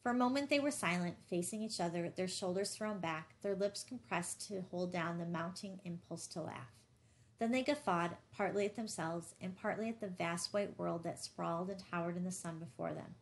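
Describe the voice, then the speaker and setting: A woman narrating a novel in a slightly low voice. She reads in a measured, even storytelling manner. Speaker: audiobook narrator. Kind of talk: scripted narration.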